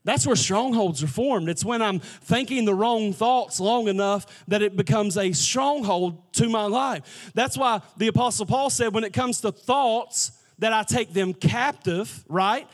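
A man's voice: high voice, measured pace, few pauses. A man preaching a sermon in a conversational, emphatic way, often asking the congregation questions. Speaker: pastor.

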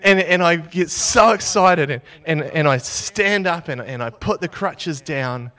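A young man from New Zealand preaching a sermon as a lively, self-mocking story. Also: fairly high pitch, unhurried.

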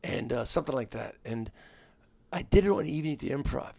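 A middle-aged man in a relaxed conversation tells stories in quick, animated bursts, often restarting his sentences. His voice sits at an ordinary pitch, close and dry with no room sound around it. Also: creaky, dry recording. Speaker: comedian and comedy writer guest. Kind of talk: casual storytelling chat.

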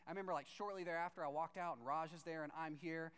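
High, smooth-voiced man telling a comic story. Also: fast. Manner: animated, self-deprecating, jumps into excited shouts when acting out his own reactions.

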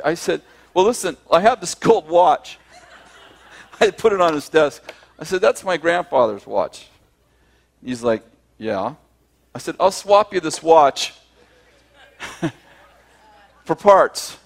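A man's voice: fairly high pitch, animated, takes it slowly, vocal fry, pauses often. A man telling a personal story to a group, acting out both sides of the conversations and often laughing as he speaks.

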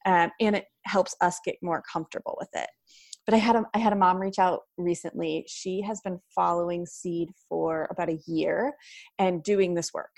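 Gravelly-voiced woman giving parenting advice. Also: lowish voice, steady tone, moderate pace, dry recording, studio quality. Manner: chatty, frequent "like" and "right?" fillers. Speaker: parenting educator guest. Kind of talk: casual conversational advice.

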